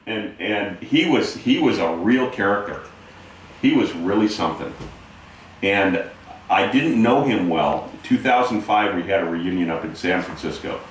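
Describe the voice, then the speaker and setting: A man's voice: on the low side, lively intonation, measured pace, slight background noise. A man, a navy veteran interviewing a relative, telling an anecdote with emphatic asides. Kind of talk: casual storytelling. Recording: very echoey room, distant mic.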